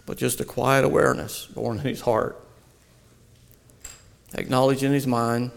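A man reading a devotional story aloud in a slow, earnest storytelling manner. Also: mid-range voice, little pitch movement, creaky. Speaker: narrator. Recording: long hall reverb.

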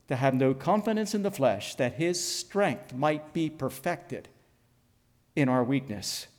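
A man preaching a sermon slowly and deliberately, his voice dropping low and soft for emphasis. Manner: slow, deliberate preaching with dramatic drops in volume. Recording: long reverb of a large hall.

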